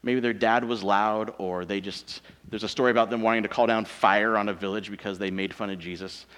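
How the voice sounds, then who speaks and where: A man's voice: on the low side, steady tone, a little fast, fairly bright tone, clear, resonant tone, long reverb tail. A man in his thirties preaching a sermon in a casual, joking, self-deprecating manner. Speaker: pastor.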